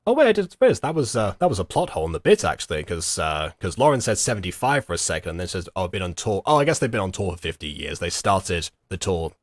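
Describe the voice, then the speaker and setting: A young man giving rambling, halting reaction commentary with lots of fillers and giggles. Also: deep voice, big pitch swings, dry recording. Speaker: streamer reacting to a video.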